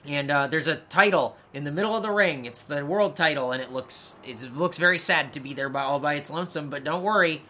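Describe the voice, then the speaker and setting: A man's voice: fairly high pitch, a little fast, hardly any pauses, sharp tone, slight background noise. A man co-hosting a casual wrestling podcast, sarcastic and swearing, mocking the shows with impressions. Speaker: podcast co-host.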